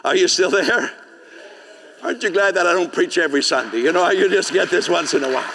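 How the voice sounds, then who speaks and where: Man, pastor, sermon, fairly high voice, long church reverb. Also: lively intonation, a little fast, a bit bright. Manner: conversational, asks the congregation questions, laughs often. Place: church sanctuary.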